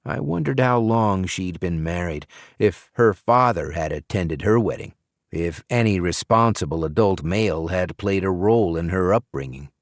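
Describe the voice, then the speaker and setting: A man narrates a first-person audiobook in a low, lively voice. He tells the story in a measured, expressive way. The booth sound is dry and close. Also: dry recording.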